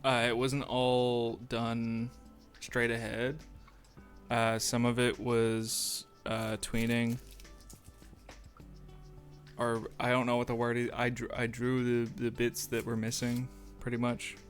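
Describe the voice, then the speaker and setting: A man's voice: mid-range voice, completely flat delivery, takes it slowly, pauses often, faint music behind. A man streaming live as he draws, rambling through casual chat with self-mocking jokey asides. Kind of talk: casual livestream chat while animating. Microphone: streaming microphone.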